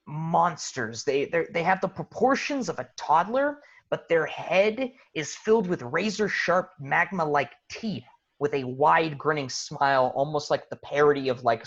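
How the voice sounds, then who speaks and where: A man running a tabletop game, narrating a scene with a lively up-and-down voice. He tells it loosely and casually, often pausing to find words. The sound is dull and lo-fi. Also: a little high. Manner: animated, loose storytelling with fillers. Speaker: game master.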